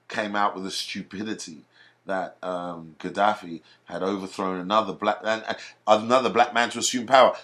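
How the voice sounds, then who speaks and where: A man's voice: lowish voice, sharp tone. A man delivering an indignant, emphatic monologue rant to camera, repeating his points. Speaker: video blogger.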